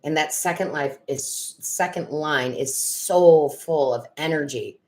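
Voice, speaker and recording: A woman's voice: sits low, takes it slowly, a little mellow. A middle-aged woman, chatting casually on a live stream as a tarot reader and medium, reading viewers' comments aloud, laughing and getting emotional.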